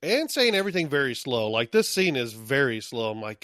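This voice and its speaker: A man's voice: mid-range voice, big pitch swings, fairly quick, fairly bright tone, no echo. Guy on a podcast riffing crude jokes about the show, mid voice, dry close mic. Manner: crude jokey riffing, mock-quotes characters. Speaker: podcast co-host. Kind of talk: casual recap chat.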